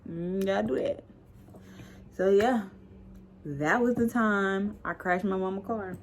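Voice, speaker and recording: A young woman vlogger telling a story casually, animated and acting out the dialogue. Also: mid-range voice, a little slow, slight background noise.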